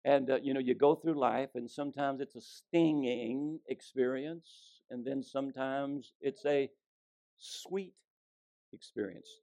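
A man preaching a sermon, telling folksy stories and swinging between loud emphasis and hushed delivery. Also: mid-range voice, unhurried. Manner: folksy storytelling with fillers.

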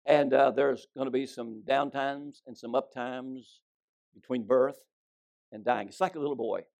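A man preaching a sermon, telling folksy stories and swinging between loud emphasis and hushed delivery. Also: medium pitch, steady tone, unhurried, gravelly. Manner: folksy storytelling with fillers.

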